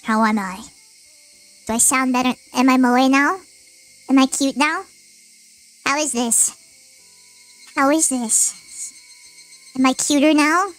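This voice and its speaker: A woman streamer talking through a high-pitch voice changer, playing a cutesy anime-style girl and asking how she sounds. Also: slow, long pauses, fairly bright tone, faint music behind, rough recording. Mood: playful. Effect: high-pitch voice changer filter.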